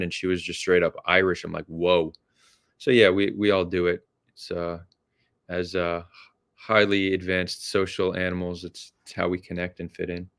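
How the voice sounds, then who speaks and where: A man's voice: deep voice, a bit bright. A man hosting a podcast, talking in a thoughtful, hesitant way with many restarts. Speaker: podcast host. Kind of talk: casual conversation.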